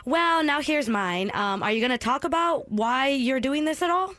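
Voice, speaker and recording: A woman's voice: high-pitched, lively intonation, moderate pace, fairly bright tone, dry recording. A woman co-hosting a morning radio show, bluntly scolding a caller.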